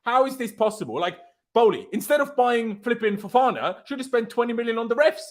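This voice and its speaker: A man's voice: extremely high pitch, lively intonation, brisk. A man hosting a fan reaction live stream, ranting in outrage.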